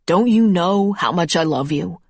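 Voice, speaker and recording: A woman narrator plays a protective man carrying someone down a mountain, tender yet determined. Her voice is low and the recording is close and dry. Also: lively intonation, a little slow, dry recording. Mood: tender urgent.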